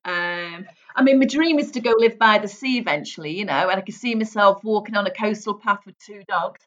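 A woman's voice: medium pitch, fairly quick, a bit bright. A woman in her forties with a light Merseyside accent, an effusive hypnotherapist chatting as an interview guest. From Merseyside, England. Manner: effusive, gushing, laughs often. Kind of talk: casual interview chat. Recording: dull lo-fi audio.

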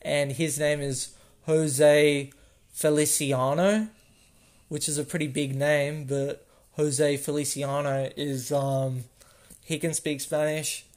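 A man's voice: a little high, steady tone, slow, a little mellow. A young Australian man hosting a casual solo podcast, rambling, losing his train of thought and correcting himself with small laughs. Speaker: podcast host.

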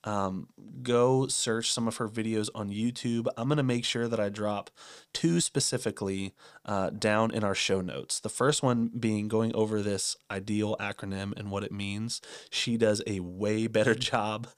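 A man's voice: lowish voice, fairly even intonation, a little slow, clear, resonant tone, dry recording, clean studio sound. A man in his thirties co-hosting a casual parenting podcast, candid and earnest, laughing at his own shortcomings. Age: 30s. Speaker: podcast co-host.

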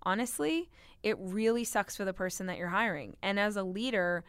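A woman's voice: mid-range voice, expressive, moderate pace, fairly bright tone, clean tone, no echo. A woman hosting a solo motivational podcast as a business owner, talking energetically and emphatically straight to her listeners.

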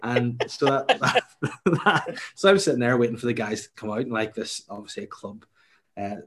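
A young man, telling a funny story in casual chat, animated and laughing, swearing freely. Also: mid-range voice, brisk, background noise.

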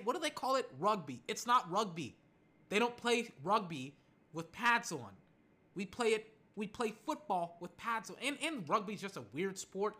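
American sports vlogger ranting, fired up, talks back at haters, kinda tired. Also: mid-range voice. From United States. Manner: animated, argues with imagined critics. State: a little tired. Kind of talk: casual sports rant.

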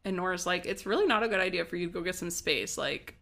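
A woman with a gravelly, fry-heavy voice runs through a TV episode in casual podcast chat. She keeps a quick, dry, sardonic pace and breaks into acted lines from the characters. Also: lowish voice, a bit bright. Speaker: podcast co-host.

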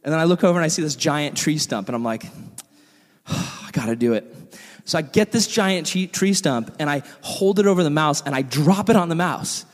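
A young male youth pastor preaches in a loose, chatty way, joking with his listeners as he tells a story. His voice sits fairly high for a man. The sound carries a long reverb from a large hall. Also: lively intonation, fairly quick. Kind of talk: casual sermon.

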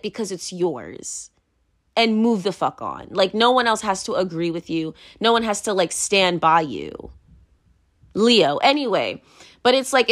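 A woman delivering a casual solo rant, blunt and full of swearing. Her pitch swings widely and animatedly, and she laughs and circles back on herself as she talks. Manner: blunt, profane, animated, laughs often, repeats "moving on".

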